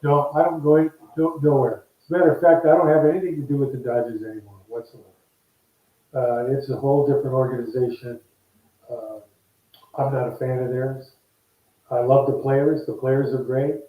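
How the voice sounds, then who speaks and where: A man's voice: medium pitch, fairly quick. An older man, a former ballplayer, telling stories in a casual interview and acting out the voices in them. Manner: animated, acts out quoted voices. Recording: echoey, distant, dull remote line.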